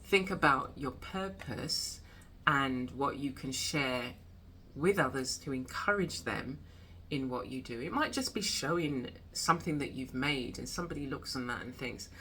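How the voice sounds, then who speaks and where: A woman's voice: a bass voice, measured pace, pushed and bright, slight background noise. A woman hosting a casual chat about creativity, reflective and chatty. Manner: reflective, chatty, laughs often. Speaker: host.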